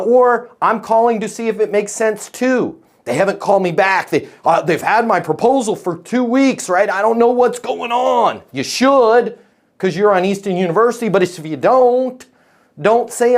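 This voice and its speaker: A man leads a live sales coaching call over video, his voice sitting a little high. He talks in emphatic, punchy bursts and keeps checking in with the group. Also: expressive, moderate pace. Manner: emphatic, punchy, keeps asking "right?" and "okay?".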